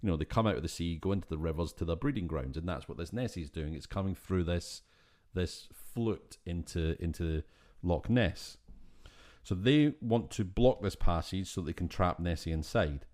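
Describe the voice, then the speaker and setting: A Scottish man recaps a film on a podcast in a deep, low voice. He talks casually and gets animated and exasperated, and he swears freely. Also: normal speed. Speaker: podcast co-host. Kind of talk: casual film-review chat.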